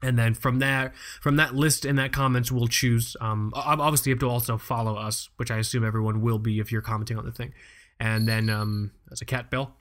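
A man's voice: mid-range voice, fairly even intonation, a little fast, a bit bright. A man co-hosting a chatty podcast. He keeps it loose and joking and swears casually as he talks. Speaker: podcast co-host. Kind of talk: casual chat.

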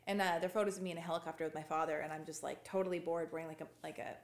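A woman's voice: sits low, fairly even intonation, racing. A woman guest on a podcast, chatting casually and rambling through a story with restarts. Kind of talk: casual chat. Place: a home. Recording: roomy echoey room.

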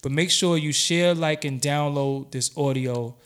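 A profane, plain-spoken man from Brooklyn, holding forth in loose podcast banter. His voice sits a little above the usual male pitch, and he talks bluntly without softening anything. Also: unhurried, smooth. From Brooklyn, New York. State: has been drinking. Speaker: podcast co-host. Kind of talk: casual chat.

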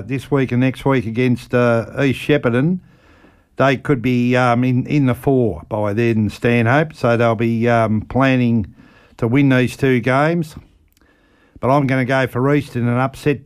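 A man's voice: mid-range voice, clean tone. Rambling Australian man reading bowls news. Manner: rambling, with frequent ums and uhs. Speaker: lawn bowls reporter on community radio. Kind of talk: casual radio sports report.

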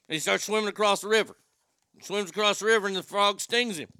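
A man's voice: high-pitched, fairly even intonation, fast talker, bright, forceful tone, clean tone, dry recording. A man hosting a radio talk show, telling crude comic stories with acted voices in a brash, riffing way from a studio mic.

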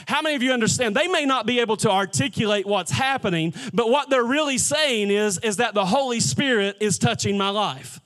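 A man's voice: very high voice, a little fast, hardly any pauses, a bit bright. A man pastor preaching a sermon in a church, talking in a conversational way and often restarting his words. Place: church sanctuary.

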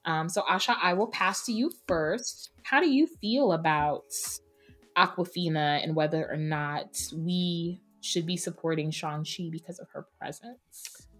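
A woman co-hosting a podcast roundtable, talking in an emphatic, opinionated, animated way. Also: lowish voice, a little slow, faint music behind. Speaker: podcast co-host. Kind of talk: casual roundtable chat.

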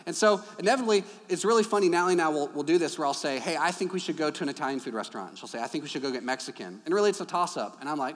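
A man preaching a sermon, telling stories and acting out dialogue in a hushed low voice. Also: expressive, rapid-fire, few pauses. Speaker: pastor. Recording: long reverb from a large hall.

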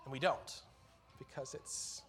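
A man's voice: unhurried, a bit bright, slight background noise. A man preaching a sermon in church, earnest and conversational, lifting his voice on key phrases.

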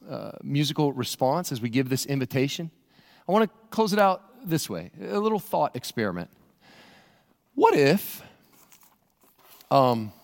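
A pastor preaching an expressive, dramatic sermon full of rhetorical questions in a church. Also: male voice, on the high side. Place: church sanctuary. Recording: long church reverb.

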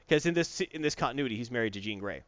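A man's voice: mid-range voice, expressive, very fast, fairly bright tone, no room sound, highs cut off. A man in casual chat, recapping a comic book plot with mocking put-on voices for the characters. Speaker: comic book podcast co-host.

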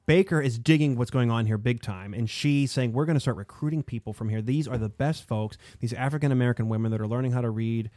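A man hosting a casual history podcast, talking in an animated, rambling way with lots of fillers. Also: medium pitch, quick pace, few pauses, no room sound, clean studio sound. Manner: animated, digressive, frequent fillers. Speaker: podcast host.

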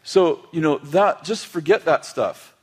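A man's voice: on the high side, a little slow, slightly rough. Brief: middle-aged male pastor, conversational sermon, acts out quotes, light humor. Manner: storytelling with acted family quotes and humor.

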